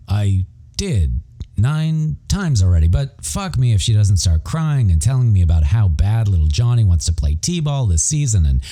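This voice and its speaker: Deep-voiced man, husky and dark, wry profane first-person audiobook narration. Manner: wry, profane, self-mocking.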